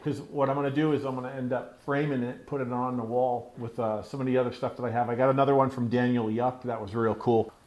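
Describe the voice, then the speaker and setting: A man's voice: medium pitch, little pitch movement, fast talker, hardly any pauses, darkish tone. Loose, profane man unboxing on camera. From Pennsylvania. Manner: loose and profane, rambling asides; scolds his pet mid-talk. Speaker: tattoo channel host. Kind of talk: casual unboxing vlog.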